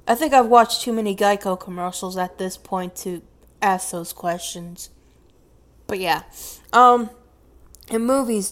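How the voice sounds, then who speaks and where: A young woman with a Southern US accent, chatting casually as she answers question prompts, rambling, correcting herself and laughing, sometimes dropping to a whisper. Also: medium pitch. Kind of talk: casual chat.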